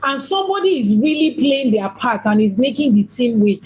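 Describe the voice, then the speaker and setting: Husky woman teaching with emphasis. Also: a little high, sing-song, normal speed, a little mellow, low-quality recording. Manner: emphatic, repeats phrases for stress. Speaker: Ifá priestess and teacher. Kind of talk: spiritual teaching talk.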